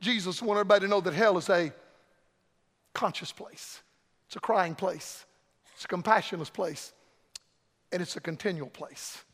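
Impassioned high-voiced preacher in a hall. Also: male voice, normal speed, long pauses. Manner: impassioned, shouting then dropping low. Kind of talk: revival sermon.

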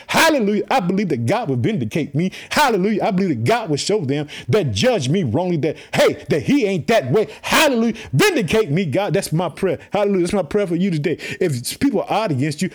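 A man preaching a fervent sermon, repeating phrases, calling out hallelujah and reading scripture slowly and solemnly. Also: high voice, very animated, husky. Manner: fervent, repetitive preaching with call-and-response.

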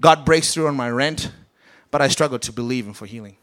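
A man's voice: mid-range voice, a little fast, a bit bright. A man preaching a sermon with a British accent, acting out the Bible characters as he goes. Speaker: pastor.

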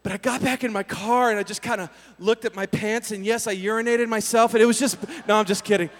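A man preaching a storytelling sermon to young people, acting out scenes with voices and sudden loud bursts. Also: high-pitched, fast. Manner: animated, acts out scenes with voices and sudden shouts. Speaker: youth pastor. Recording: reverberant hall.

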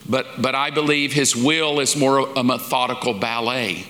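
A man's voice: medium pitch, fairly even intonation, normal speed, bright, forceful tone. A man, a pastor, teaching a sermon in a folksy, informal way, acting out little quoted asides. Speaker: pastor teaching a lesson series. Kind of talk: conversational sermon. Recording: long reverb of a large hall.

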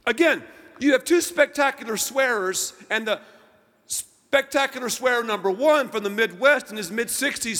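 A pastor preaching with a high, bright voice that rises and falls dramatically. He swings from soft, low asides to loud emphatic lines. His sermon rings out with a long reverb in a large hall. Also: expressive, moderate pace. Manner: emphatic preaching with wide swings of loudness and pitch.

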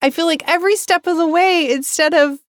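A woman's voice: very high-pitched, a little fast, no echo, studio quality. A woman co-hosting a podcast in casual, heartfelt chat, rambling and emotional, laughing often and tearful. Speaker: podcast co-host.

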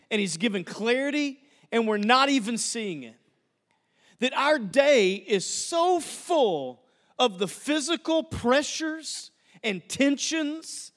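A man's voice: extremely high pitch, fairly bright tone. A male pastor preaching a sermon in a church, telling stories with humor and repeating phrases. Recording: long reverb of a large hall.

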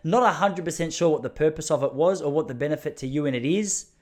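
A man's voice: a little high, fast, a little mellow. A man hosting a casual solo podcast, rambling and self-mocking, laughing at his own jokes. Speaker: podcast host.

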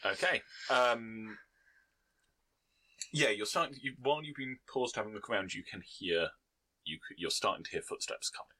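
A man running a tabletop game as game master, describing scenes slowly with many ums and restarts. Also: fairly low pitch, lively intonation, sharp tone. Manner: hesitant, full of ums and restarts.

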